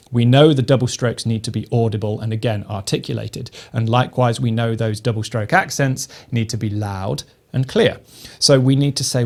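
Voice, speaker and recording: Male drum tutor, calm and methodical, mid-pitched, steady lesson delivery. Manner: measured, methodical explaining. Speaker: drum teacher. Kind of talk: instructional lesson.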